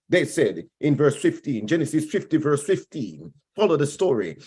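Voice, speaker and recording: A man's voice: on the high side, big pitch swings, normal speed, hardly any pauses, darkish tone, breathy edge. A male pastor preaching a sermon with emphasis, repeating key phrases and speaking directly to his congregation.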